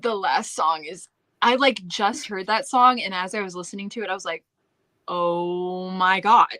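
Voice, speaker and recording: Woman, co-host, casual chat, bubbly, gushing, laughs a lot, bright edge. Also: mid-range voice, a little fast. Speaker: co-host of a writing stream.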